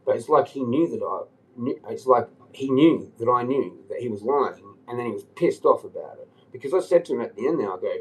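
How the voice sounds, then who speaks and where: A man's voice: medium pitch, lively intonation, fairly quick, darkish tone, low-quality recording. A man on a livestream telling a long rambling story, agitated and swearing often. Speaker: live streamer.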